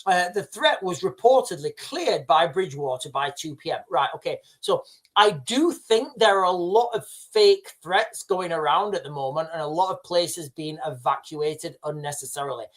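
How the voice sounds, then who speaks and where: A man's voice: on the high side, expressive, normal speed. Rambling man hosting a livestream. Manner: rambling, full of fillers and restarts. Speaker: livestream host. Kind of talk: casual live commentary.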